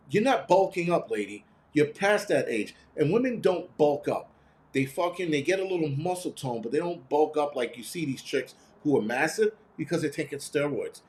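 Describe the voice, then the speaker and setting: A man hosting a live stream, chatting casually and reading viewer comments, ranting bluntly with lots of swearing and quick imitations of other people. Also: fairly high pitch, a little mellow. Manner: mimics others in quoted voices.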